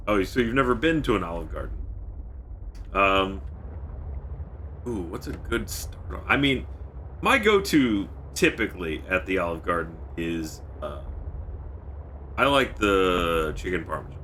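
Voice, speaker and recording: A man's voice: low-pitched, lively intonation, a little slow, sharp tone, slight background noise. A man streaming a video game, thinking aloud as he plays and stopping to answer his chat. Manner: thinks aloud and mutters while playing; reads out chat messages. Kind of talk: live game-stream commentary.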